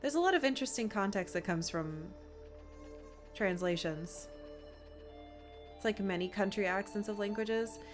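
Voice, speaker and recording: Young woman from Appalachia, casual rambling streamer chat with a middling voice over soft game music. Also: medium pitch, expressive, moderate pace, long pauses. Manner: chatty and rambling, many fillers. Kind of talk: casual gameplay commentary. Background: faint game music.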